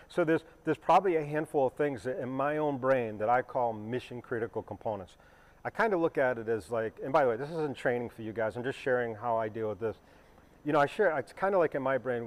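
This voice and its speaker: A man's voice: mid-range voice, darkish tone. A man hosting a live stream as a pilot, talking casually and rambling with asides to his viewers. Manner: conversational, rambling with fillers and asides. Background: helicopter starting up nearby.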